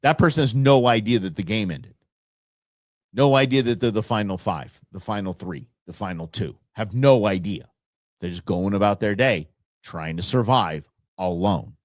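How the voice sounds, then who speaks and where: A man with a fairly low voice hosts his show in a casual, rambling way. He gets excited, circles back, and restarts his sentences often. The sound is dry and close, with no room around it. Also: moderate pace, no room sound. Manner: rambling, enthusiastic, self-interrupting. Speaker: show host. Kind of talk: casual solo podcast talk.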